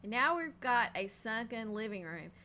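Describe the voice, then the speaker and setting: A woman's voice: fairly high pitch, sing-song, normal speed, sharp tone, slight background noise. A woman casually narrating her home build in a game, thinking aloud with frequent ums and hesitations. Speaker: game building video creator.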